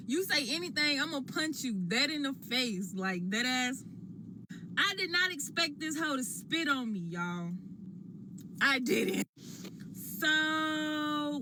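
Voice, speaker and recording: A woman telling what happened to her in a slangy, expressive way, talking while she eats. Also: high voice, noisy background. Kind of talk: animated storytelling to a phone camera.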